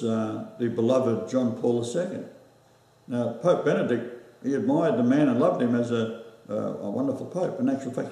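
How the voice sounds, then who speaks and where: Australian male host, mellow voice, rambling with lots of fillers, set back from the mic in a very echoey room. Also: medium pitch, gravelly, far from the mic. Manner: rambling, halting with many fillers. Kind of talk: casual chat.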